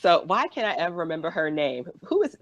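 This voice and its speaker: A woman's voice: fairly low pitch, sing-song, fast talker. A woman co-hosting a podcast, recapping a TV episode in casual chat, laughing often and acting out the characters' lines. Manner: laughs often, acts out quotes in voices. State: out of breath. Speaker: podcast co-host.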